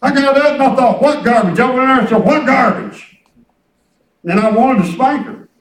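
A man's voice: extremely high pitch, fast talker, reverberant, recorded from a distance, rough recording. A man preaching a sermon in a folksy storytelling way, acting out conversations. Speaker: pastor. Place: church hall.

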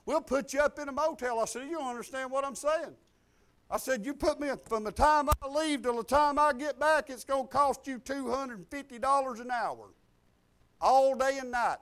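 An older man preaching a sermon, folksy and exuberant, breaking into loud outbursts. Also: extremely high pitch, normal speed. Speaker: pastor.

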